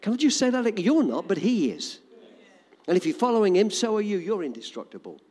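A man preaching a sermon to a congregation, dramatic and animated. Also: high voice, brisk, husky, in a large hall. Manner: animated, dramatic, shouting quoted lines.

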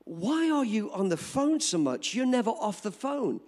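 A man's voice: extremely high pitch, huge pitch swings, moderate pace, vocal fry, slightly rough, voice pushed up, full character voice. A man voicing a curious middle-aged mother who questions her daughter in a raised, questioning tone.

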